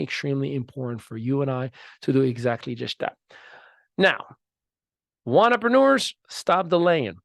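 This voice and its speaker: A man in his thirties hosting a podcast, giving an emphatic motivational talk that swings from loud to soft. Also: a little high, creaky, dry recording, studio quality. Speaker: podcast host.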